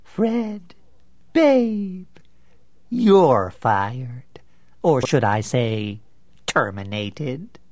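A man's voice: very high-pitched, huge pitch swings, takes it slowly, a bit bright, dry recording, studio quality, pitched above the performer's own voice, full character voice. A man voicing a gleeful, manic male mad genius villain in an audiobook, cackling and theatrical. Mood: sneering. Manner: cackling, shrieking, theatrical swings. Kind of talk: audiobook character voice.

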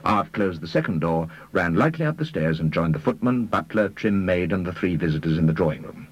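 Low, husky-voiced male storyteller. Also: animated, fairly quick, dry recording, poor audio. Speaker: audiobook reader. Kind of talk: scripted narration.

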